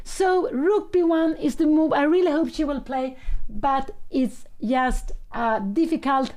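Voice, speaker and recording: An older woman, a native Swedish speaker, commentating a live chess game, thinking aloud with anxious excitement and non-native phrasing. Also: sits high, unhurried.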